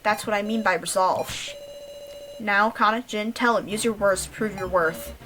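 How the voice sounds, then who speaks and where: A woman voicing a blunt, stern young man in a game, speaking firmly and forcefully, game music behind. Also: medium pitch, normal speed, a little hiss or hum, natural voice, poor audio.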